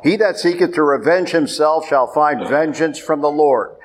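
A man's voice: on the high side, normal speed. A man preaching a sermon as a priest, emphatic and repeating his points. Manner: emphatic, repeats points, rises sharply when pressing.

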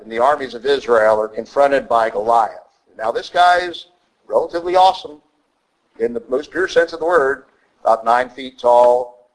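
A man's voice: medium pitch, poor audio. A man preaching a sermon as a priest, blunt and conversational with emphatic asides.

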